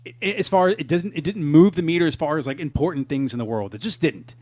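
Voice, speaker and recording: A man's voice: a little high, fast, a little mellow, dry recording. A man co-hosting a podcast, talking casually and profanely, laughing often. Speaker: podcast co-host. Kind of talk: casual chat.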